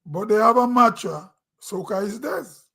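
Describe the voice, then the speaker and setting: Husky Grenadian man giving his opinion. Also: sits high, lively intonation, unhurried, bright, forceful tone. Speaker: host. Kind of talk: opinion commentary.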